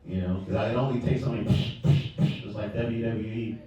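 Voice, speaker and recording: A man's voice: lowish voice, fairly even intonation, a little fast, dark tone. A young man doing stand-up, conversational and fond of repeating his punchlines, heard in a comedy club from a distance. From Nigeria. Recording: distant, echoey dull club recording.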